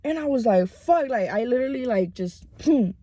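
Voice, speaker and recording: Young woman vlogger rambling thru a story, cusses a lot, kinda high voice, dry close mic. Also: fast talker, dry recording. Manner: profane, rambling, animated retelling. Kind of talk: casual storytime chat. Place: home.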